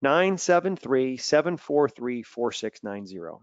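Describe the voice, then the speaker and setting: A man coaching athletes in a lively webinar talk, telling stories and acting out quotes loudly. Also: medium pitch, unhurried, no echo, lo-fi sound. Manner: animated storytelling with loud acted-out quotes. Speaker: mental performance coach. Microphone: video call.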